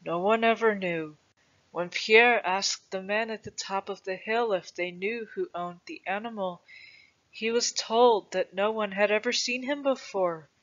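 Storybook grandfather, old and patient, voiced by the reader, slow gentle telling on a dull recording. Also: mid-range voice, natural voice. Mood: wondering. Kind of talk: storybook reading.

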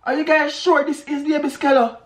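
A Jamaican man reacting to music on his vlog, talking excitedly, shouting exclamations and repeating phrases fast. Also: very high voice. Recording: echoey room with music playing.

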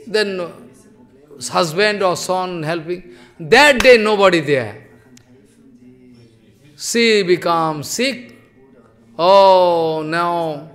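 A man's voice: high-pitched, fairly bright tone. A man giving a sermon as a spiritual teacher, telling stories animatedly in broken English and teasing his listeners.

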